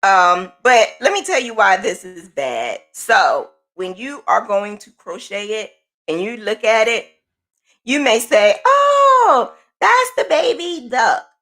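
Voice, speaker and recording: A woman's voice: medium pitch, lively intonation, unhurried, a bit bright. A woman crochet vlogger chatting casually and candidly, swearing now and then and acting out the people she quotes. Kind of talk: casual chat.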